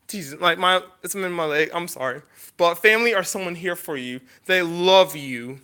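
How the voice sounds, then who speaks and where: High, bright-voiced rambling young man. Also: moderate pace, clean tone. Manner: rambling, apologetic, many restarts. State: emotional. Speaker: YouTuber. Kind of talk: casual vlog monologue.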